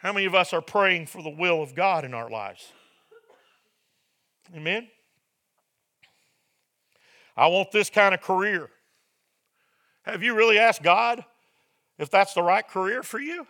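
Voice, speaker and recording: A man preaching a sermon as pastor, asking the congregation "Amen?" and building to shouted peaks. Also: sits high, lively intonation, moderate pace, long pauses. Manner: preaching with call-and-response "Amen?" and shouted climaxes.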